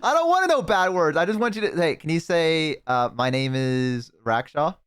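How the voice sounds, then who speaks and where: A man's voice: fairly high pitch, animated, moderate pace, a bit bright, clean tone. A man streaming, chatting casually, joking and rambling with crude humor.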